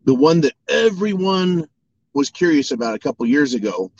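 A man's voice: on the high side, very animated, normal speed, a little mellow, dull audio, slight background noise. A man delivering an angry political monologue, swearing and mocking opponents in sarcastic voices. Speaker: political commentator. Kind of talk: ranting monologue.

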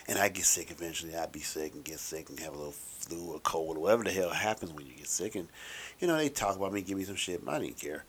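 Middle aged dude rambling on, wry and a bit sweary, lowish voice. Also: male voice, fast, a bit bright, breathy edge. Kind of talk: casual monologue.

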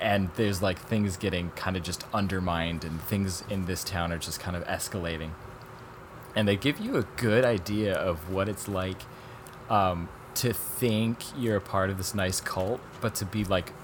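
Man, podcast co-host, low voice, rambling, animated retelling, faint background noise. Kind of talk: casual chat reviewing documentaries.

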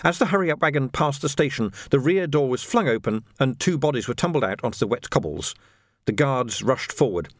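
A man reading a novel aloud as an audiobook narrator, with an expressive, shifting storytelling delivery. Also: medium pitch, fairly quick, no echo, clean studio sound. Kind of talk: scripted narration.

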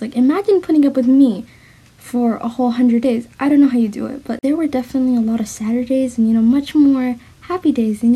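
A young woman talks in a casual voice message to her partner, her voice high and mellow with a breathy edge. She has a slight lisp and rambles, mumbling and restarting her sentences.

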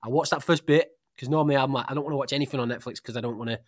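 A man's voice: mid-range voice, fairly even intonation, very fast, dry recording, clean studio sound. A man co-hosting a casual book podcast, blunt and chatty in a colloquial way. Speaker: podcast co-host.

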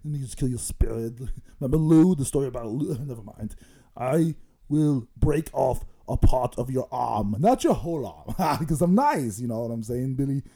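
A man's voice: mid-range voice, lively intonation, moderate pace, vocal fry, mellow, slightly rough. A man doing a comic impression of a boastful bodybuilder, rambling and giggling through mock threats. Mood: gleeful menace. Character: boastful bodybuilder impression, male, middle-aged, menacing-jolly. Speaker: comedy guest in character.

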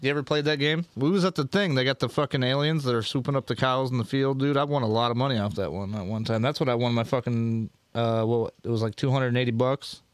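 A man's voice: medium pitch, fast talker, few pauses, clean tone, no echo. Young man, podcast co-host, laid-back, swearing, dry close mic. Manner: laid-back, profane banter. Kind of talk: casual chat.

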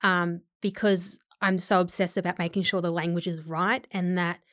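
A woman's voice: fairly low pitch, little pitch movement, moderate pace, a bit bright, no room sound. Chatty woman actor giving an interview, casual and laughing, in a dry close recording. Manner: chatty, laughs often, many fillers. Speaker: actor and filmmaker guest.

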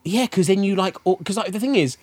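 A young man rattles along quickly in casual podcast chat, rambling and swearing freely. His voice sits a little higher than most men's. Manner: rambling, swears a lot, lots of fillers and restarts. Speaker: podcast co-host.

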